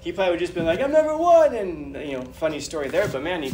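Man, fairly high voice, animated storyteller, distant mic, noisy room. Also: rapid-fire. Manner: animated, chatty, repeats phrases. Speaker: guest speaker. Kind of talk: storytelling talk to an audience. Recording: distant mic with background noise.

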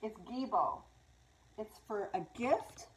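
A woman's voice: mid-range voice, lively intonation, slow pace, rough recording. A woman casually chatting through a live tarot reading, mixing English with Spanish phrases. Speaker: tarot reader. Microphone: small clip-on mic.

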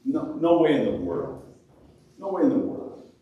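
Male pastor preaching, somewhat high voice, animated delivery, heard from a distance in a very echoey church hall. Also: moderate pace, highs cut off. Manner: animated, acts out prayers in a raised voice. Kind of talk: sermon.

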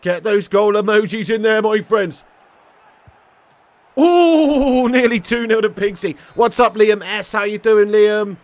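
A man's voice: high voice, steady tone, moderate pace, few pauses, no echo. A young man streaming a football video game, chatting cheekily with viewers, swearing and calling them mate and legend. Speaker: gaming live streamer. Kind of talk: casual live-stream banter while playing.

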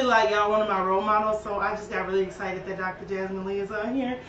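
A young woman with a high, animated voice chats straight to her live viewers while showing off shoes. She sounds a little out of breath. The recording is dull and lo-fi, with her voice set back from the mic in an echoey room. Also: quick pace, recorded from a distance, slight background noise. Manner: chatty, animated, talks to viewers. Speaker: shoe store host. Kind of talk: casual live-stream sales chat. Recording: roomy and lo-fi, voice from off-mic.

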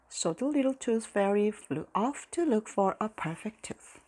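Female storyteller, lively, breathy, slow bedtime read. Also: mid-range voice. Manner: slow, expressive.

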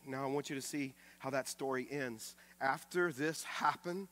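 A man pastor preaching a sermon with emphasis, swinging from loud to hushed and often repeating words as he restarts. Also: mid-range voice, normal speed. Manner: acts out quoted speech with raised voice.

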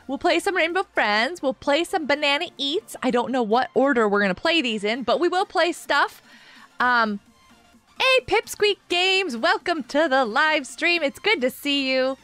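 A woman's voice: high voice, bright, forceful tone, no echo. A woman game streamer chatting casually on a live stream and greeting viewers by name. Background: faint background music.

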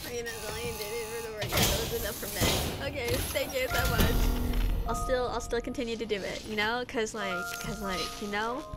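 A woman's voice: fairly high pitch, brisk, over loud music. A woman streamer giving playful, giggly commentary while playing a video game. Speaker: VTuber streamer. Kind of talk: casual gameplay commentary.

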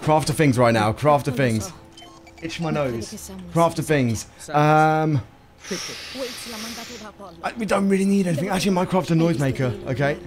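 A young man streaming a speedrun, chatting to viewers and reacting loudly to close calls. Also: on the high side, normal speed, pauses often. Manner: excitable, shouts and laughs at close calls, greets chat casually. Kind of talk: excitable live gameplay commentary. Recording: game music playing behind.

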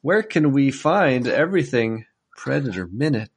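A man's voice: mid-range voice, expressive, normal speed, slightly rough. A man co-hosting a podcast, chatting in a laid-back, dry way. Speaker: podcast co-host. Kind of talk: casual chat.

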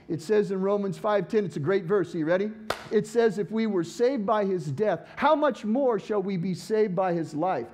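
A man's voice: high-pitched, animated, normal speed, a little mellow. A male pastor preaching a sermon with fervent, rising exhortation, his voice cracking.

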